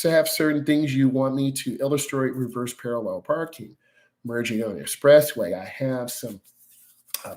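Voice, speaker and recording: A man teaching driving to viewers in a casual, instructional way, repeating key points and checking in with "right?" and "okay?". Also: mid-range voice.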